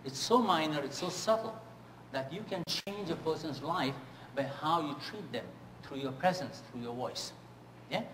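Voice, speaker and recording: A male speaking coach addressing a room full of trainees with animated, slightly high delivery. He often asks the audience whether they follow. The sound echoes around the room with a faint ambient hum. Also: moderate pace. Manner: animated, rhetorical check-ins with the audience. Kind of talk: seminar talk with storytelling.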